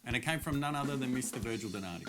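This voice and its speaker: A man's voice: medium pitch, animated, very fast, music in the background. A middle-aged man giving a casual, upbeat drum lesson straight to camera, explaining the steps plainly. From Australia. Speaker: drum teacher.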